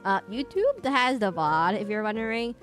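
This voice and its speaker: A woman's voice: mid-range voice, very animated, normal speed, fairly bright tone, soft background music. A woman streaming a video game live, chatting in a rambling, playful way and now and then humming little sing-song tunes.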